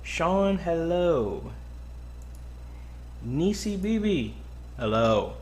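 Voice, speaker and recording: Host voice: easygoing man, unhurried pacing, close boom mic, faint room noise behind. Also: big pitch swings, a little mellow. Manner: laid-back, greets viewers by name, frequent ums. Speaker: live stream host. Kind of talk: casual live-stream Q&A chat. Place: home studio desk. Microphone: boom-arm mic close up.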